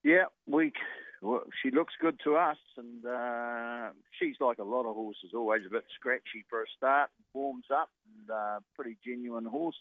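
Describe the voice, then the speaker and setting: A man's voice: medium pitch, normal speed, no echo. A man who trains horses, answering a radio interview by phone in short, plain-spoken replies with many fillers. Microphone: telephone. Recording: tinny dry phone line.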